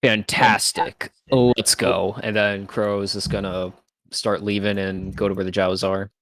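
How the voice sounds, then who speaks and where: A man's voice: on the low side, level tone, a little slow, fairly bright tone, dry recording. A man playing a tabletop game, speaking in character and describing his moves. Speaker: player.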